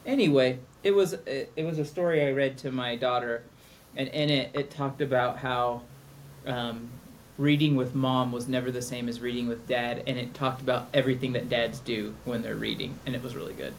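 A man's voice: medium pitch, steady tone, moderate pace, vocal fry, a little hiss or hum. A middle-aged man co-hosting a podcast in casual, joking, rambling chat. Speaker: podcast co-host.

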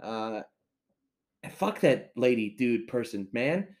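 A man's voice: mid-range voice, moderate pace. A man hosting a podcast, telling a story in a heated, profane rant. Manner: heated, swears constantly, storytelling. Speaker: podcast host. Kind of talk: profane ranting monologue.

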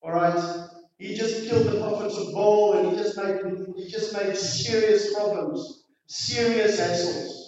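A pastor preaching a sermon, pushing hard on his exhortations and then dropping to quiet, dramatic lines. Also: high-pitched, steady tone, a little slow. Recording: distant, echoey hall, dull sound.

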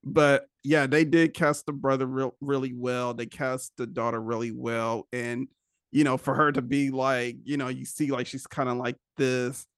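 A man's voice: medium pitch, flat delivery, moderate pace, fairly bright tone, smooth, no room sound, studio quality. A man guesting on a casual podcast, easygoing and hesitant, with plenty of fillers.

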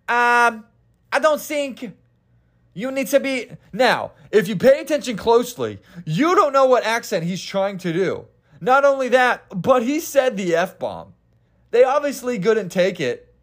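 A young man from Kansas hosting a podcast alone, talking in a casual, profane, rambling way and often correcting himself mid-sentence. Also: high voice. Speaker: podcast host. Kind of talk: casual solo podcast rant.

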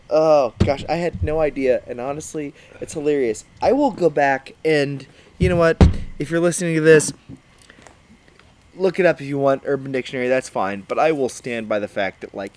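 A man co-hosting a podcast in casual chat, giggly, animated and self-deprecating. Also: mid-range voice, a little hiss or hum. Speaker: podcast co-host.

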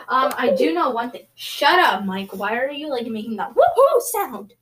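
Brief: playful young woman co-host, very lively pitch, interrupts with jokes. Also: measured pace, few pauses. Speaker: podcast co-host. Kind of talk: casual chat.

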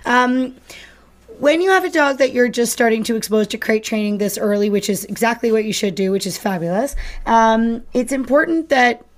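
A woman's voice: a little high, normal speed. A woman co-hosting a live podcast, explaining training in an upbeat, practical way. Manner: explanatory, upbeat, acts out dog and owner voices. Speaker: dog trainer and co-host.

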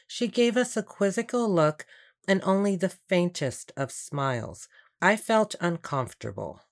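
A woman narrating a storybook in a calm, even, unhurried reading voice. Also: lowish voice. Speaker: audiobook narrator.

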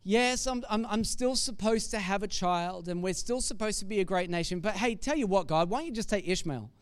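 A man's voice: high voice, a little fast, clean tone, pitched below the performer's own voice, close to an everyday voice. A man voicing a weary old man who pleads in a chatty, coaxing way.

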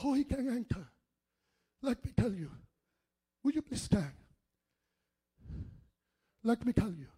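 High-voiced man preaching with passion. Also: big pitch swings, slow pace, long pauses, breathy edge. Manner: impassioned preaching, swinging between shouting and hushed speech. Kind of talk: sermon.

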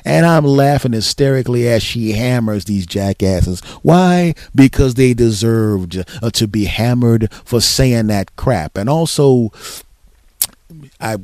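Middle-aged male podcast host, mellow dark voice, dry close sound, rambling self-deprecating storyteller. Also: medium pitch, takes it slowly, no echo. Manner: rambling, self-deprecating, animated with frequent restarts. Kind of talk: casual storytelling monologue.

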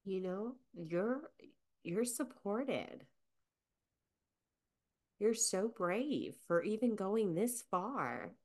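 Woman in her 30s doing a self-help podcast, slow and soft, voice goes up and down a lot, kinda low. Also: expressive. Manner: gentle and nurturing, with unhurried soft emphasis. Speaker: podcast host.

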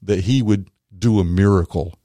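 A man, a former magician and comedian turned minister, tells his faith story as an interview guest, animated and acting out the voices of others. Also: deep voice, moderate pace, no echo, studio quality. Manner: animated storyteller who acts out quotes. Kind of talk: personal faith testimony in conversation.

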